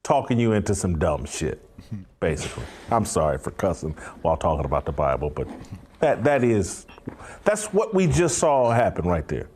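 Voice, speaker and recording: A man talking on a casual podcast, mocking and laughing as he goes. His pitch swings wildly from low rumbles to high squeals. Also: big pitch swings, normal speed, darkish tone, slight background noise.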